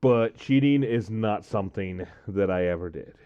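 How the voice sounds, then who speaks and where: A man's voice: on the low side, moderate pace, clear, resonant tone. Man rambling through a story, lo-fi. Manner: rambling, many fillers, quoting friends in his own voice. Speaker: vlogger. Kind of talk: casual storytelling to camera.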